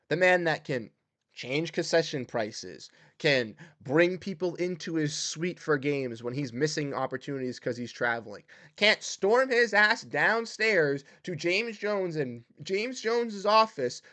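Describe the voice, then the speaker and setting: Heated ranting man, higher-pitched voice. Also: lively intonation, measured pace, dry recording. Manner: heated, ranting, swings from loud outbursts to muttered exasperation. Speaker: sports podcast host. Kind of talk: livestream rant.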